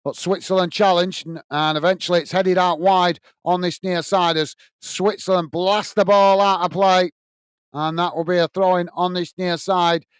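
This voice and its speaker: A UK man with a high, steady voice hosts a live football watch-along at a moderate pace. He calls the play and cheerfully reads out viewers' messages, upbeat throughout, in a smooth, dry recording.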